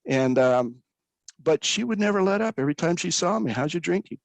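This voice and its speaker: A man's voice: high-pitched, expressive, brisk, gravelly, dry recording, poor audio. Earnest man telling his own story. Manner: earnest, with frequent restarts. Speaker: recovering pastor guest. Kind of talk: candid personal storytelling.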